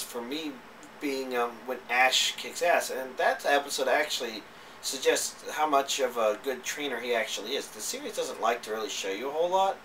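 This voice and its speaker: A man's voice: medium pitch, sharp tone, recorded from a distance, slight background noise, poor audio. A man giving a casual, rambling spoken review, with hesitant speech full of fillers and restarts. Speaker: anime reviewer.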